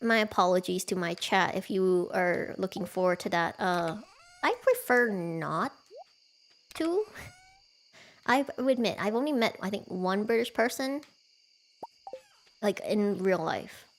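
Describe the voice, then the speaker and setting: A woman's voice: medium pitch, animated, unhurried, long pauses, slight background noise. Chatty, giggly woman streamer. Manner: chatty, giggly, self-deprecating. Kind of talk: casual chat while streaming a farming game.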